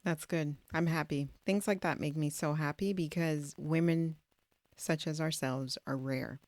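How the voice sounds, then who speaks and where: A woman's voice: low-pitched, steady tone, unhurried, darkish tone, no room sound. A woman hosting an interview, talking in a reflective, conversational way. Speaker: host. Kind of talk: casual interview talk.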